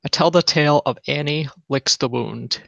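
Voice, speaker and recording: A woman player telling an in-game tale in a halting way, with fillers and restarts. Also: deep voice, creaky, dry recording, lo-fi sound.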